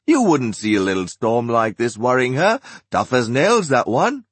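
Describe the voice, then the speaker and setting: A man's voice: mid-range voice, sing-song, moderate pace, slightly rough, dry recording, voice pushed up. A man voicing a hearty, blustering middle-aged Englishman.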